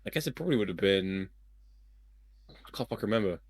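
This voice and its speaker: Low-voiced, hesitant male player. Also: lively intonation, fast talker, dry recording. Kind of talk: casual chat at a tabletop game.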